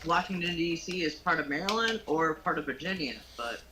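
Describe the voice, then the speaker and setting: A young man co-hosting a casual talk show, relaxed and slangy, saying dude often. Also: a little high, a little fast, faint music behind, poor audio. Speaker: podcast co-host. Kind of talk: casual chat.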